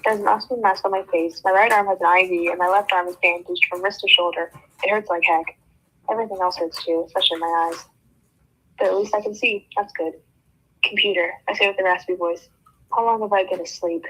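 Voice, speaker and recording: A woman's voice: fairly low pitch, fairly even intonation, fast, fairly bright tone, slightly rough. A woman reading a novel aloud for a book club, breaking off now and then for joking comments. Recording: dull lo-fi sound.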